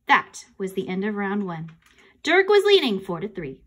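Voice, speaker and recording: Woman audiobook narrator, bright voice, lively expressive storybook reading, close mic. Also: medium pitch, normal speed.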